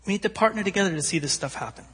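A man preaching, telling a story with animated voices for its characters. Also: high voice, very fast, husky. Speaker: pastor. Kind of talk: sermon storytelling. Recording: long hall reverb.

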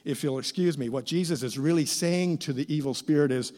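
A middle-aged man preaching a sermon as pastor, with expressive, theatrical emphasis. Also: fairly high pitch, brisk, hardly any pauses. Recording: reverberant church hall.

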